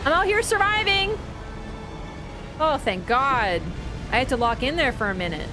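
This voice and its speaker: A woman's voice: high voice, normal speed. Chatty young woman streamer over game music. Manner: chatty storyteller, animated swings into quoted voices. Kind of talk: casual chat while gaming.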